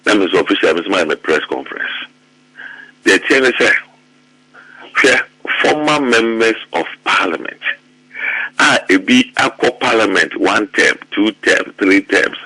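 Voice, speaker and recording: A middle-aged man with a Ghanaian accent, speaking in heated commentary about his party. His voice is very bright and cutting, a little low in pitch, and the sound is close and dry. When he gets worked up he repeats words fast. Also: breathy edge, no room sound, low-quality recording. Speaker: political party member.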